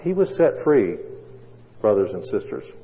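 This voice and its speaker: Mellow-voiced preacher in an echoing hall. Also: male voice, fairly low pitch, sing-song. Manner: dramatic storytelling with long pauses. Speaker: pastor. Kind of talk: sermon. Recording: dull sound, long hall echo.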